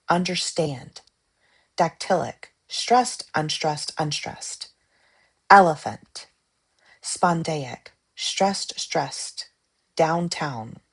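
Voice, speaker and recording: A woman reading study-guide definitions aloud in a measured, list-like way, pausing between terms. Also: low-pitched, husky.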